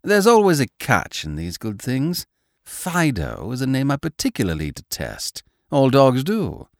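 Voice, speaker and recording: A man's voice: mid-range voice, huge pitch swings, a little slow, dry recording, studio quality. A man reading a storybook as a wry, easygoing male dog narrating his own tale. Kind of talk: audiobook narration.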